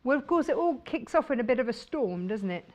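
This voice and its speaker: A woman's voice: a little high, lively intonation, brisk, a little mellow. A woman presenting fabrics on a shopping channel, chatty and enthusiastic. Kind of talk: chatty live sales presentation.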